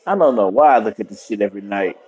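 A man's voice: fairly low pitch, expressive, fast, darkish tone, soft background music. A man hosting a podcast, giving loose, profane, rambling commentary while reacting to a movie.

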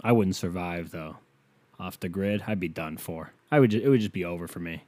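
A man's voice: sits low, fairly quick, darkish tone, no room sound. A young man from Ohio hosting a solo podcast, rambling, swearing and mocking himself, on a headset mic. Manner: profane, self-mocking, rambling. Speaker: podcast host.

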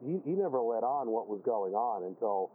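A man's voice: mid-range voice, lively intonation, moderate pace. Man, podcast host, chatty, stammering restarts, dull lo-fi audio, faint hiss. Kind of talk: casual interview.

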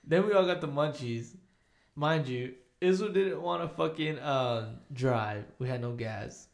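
A man's voice: mid-range voice, measured pace, vocal fry. A young man telling a rowdy story in a casual chat, swearing often and laughing.

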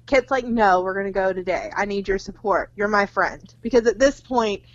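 A young woman runs through a film's plot in casual podcast chat, peppering it with "like" and little acted-out quotes. Her voice sits at a middle pitch. The sound is dull and lo-fi, close and dry. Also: normal speed, no room sound. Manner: retells the plot with lots of "like" and acted quotes, swears freely. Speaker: podcast co-host. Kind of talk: casual movie recap chat.

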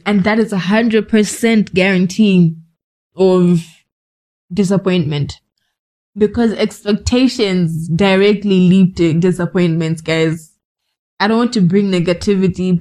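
Mellow-voiced woman giving motivational talk. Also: mid-range voice, poor audio. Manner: direct, scolding asides, conversational. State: cold, shivering. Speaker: podcast host. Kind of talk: motivational monologue.

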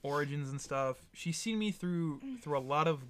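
A man hosting a casual podcast, rambling with excited asides and lots of fillers. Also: a little high, moderate pace, smooth. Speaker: podcast host.

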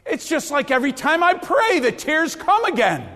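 Male pastor, very high voice, slow impassioned sermon, long church-hall reverb. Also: sing-song. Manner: impassioned, rising to near shouts then dropping low.

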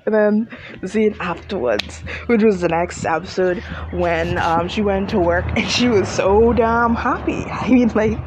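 A woman chatting casually through a TV episode recap, animated and gushing, laughing often. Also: medium pitch, a little slow. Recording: muffled with loud vehicle noise.

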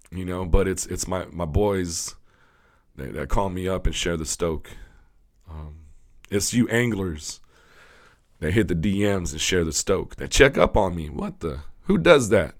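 A man with a fairly low voice hosting his own fishing channel. He talks straight to his viewers in a loose, rambling, heartfelt way, full of fillers and restarts. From Southern California. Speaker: host. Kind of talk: casual vlog talk to camera.

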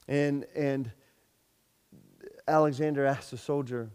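Long hall reverb surrounds this man's medium-pitched, somewhat slow voice as he preaches as pastor. His storytelling stumbles through restarts and repeated words, and he grows sharply loud when voicing the lines of the characters.

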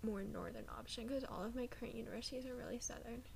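A young woman in her late teens, from the United States, co-hosting a casual podcast chat. She rambles and often drops into quick whispered asides. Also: a little high, creaky, a crowd in the background. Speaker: podcast co-host.

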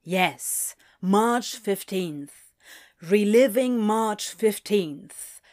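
A woman's voice: medium pitch, expressive, drawn-out words. Woman voicing a blunt, weary male demon. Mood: exasperated. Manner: louder, clipped and theatrical.

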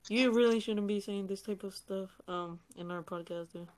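A woman's voice: mid-range voice, steady tone, normal speed. A woman co-hosting a casual podcast over an online call, trying to keep the others on track. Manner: bossy, keeps the others in line. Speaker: podcast co-host. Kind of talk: casual chat. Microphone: headset on an online voice call.

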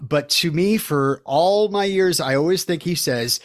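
Giggly man with a slightly high voice. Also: unhurried. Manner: giggly, playful, keeps laughing at his own jokes. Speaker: podcast co-host. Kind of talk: casual movie podcast chat.

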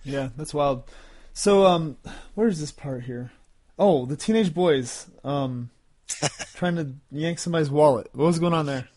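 A man's voice: a little high, a little slow, dark tone. A man hosting a casual interview, asking short curious follow-up questions. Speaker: podcast host.

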